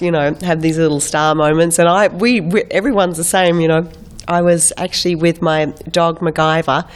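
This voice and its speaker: Chatty Australian woman with a cold. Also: fairly low pitch. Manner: chatty, animated storytelling with quick impressions. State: getting over a head cold. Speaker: guest actress. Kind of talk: casual chat.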